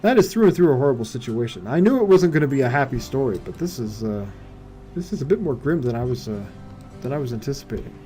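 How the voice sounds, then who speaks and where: A man's voice: medium pitch, sing-song, fast, mellow, faint music behind. A man streaming a game live, muttering to himself in casual commentary full of wry asides and rhetorical questions.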